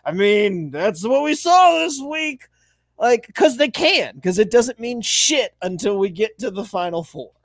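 A man's voice: sits high, big pitch swings, unhurried, dry recording. A man co-hosting a casual sports talk show, rambling with lots of fillers and swearing.

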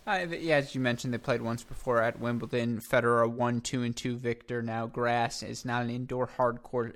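A man's voice: medium pitch, steady tone, moderate pace, hardly any pauses, a bit bright. A man hosting a tennis podcast, chatting casually and reeling off scores and head-to-head stats. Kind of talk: casual sports chat with stats.

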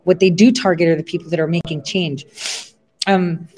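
A woman's voice: lowish voice, fairly even intonation, normal speed, a little mellow. A woman from Ohio giving a rambling casual livestream monologue, full of fillers and asides. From Ohio, USA.

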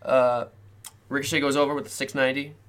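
A man's voice: mid-range voice, little pitch movement, quick pace, a bit bright, slight background noise. Rambling, self-mocking male podcast co-host. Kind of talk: casual chat.

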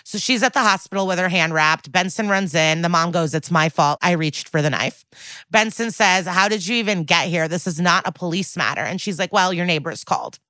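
A woman's voice: fairly low pitch, brisk, pushed and bright, no echo. A woman co-hosting a podcast, recapping a TV episode in a sarcastic, casual way and acting out the quoted lines. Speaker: podcast co-host.

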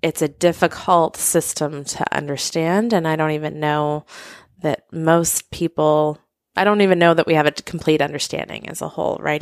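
A woman with a notably low voice explains health topics in a relaxed podcast conversation. She reaches for homely comparisons and sometimes restarts her sentences. The recording is dry and close. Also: smooth, no room sound. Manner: thoughtful, uses everyday analogies, some restarts. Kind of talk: explanatory casual chat.

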